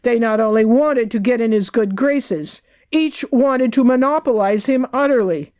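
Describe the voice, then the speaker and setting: A woman reads as a wry, candid woman looking back on hard years with rueful frankness. The voice sits a little high for a woman. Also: moderate pace, darkish tone, clean tone, lightly acted.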